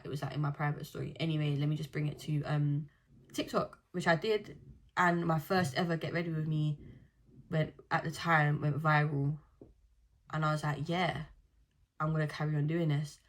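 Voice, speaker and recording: A woman's voice: low-pitched, little pitch movement, normal speed. A woman, chatting casually as a vlogger and telling stories with slang. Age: 20s. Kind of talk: casual chat.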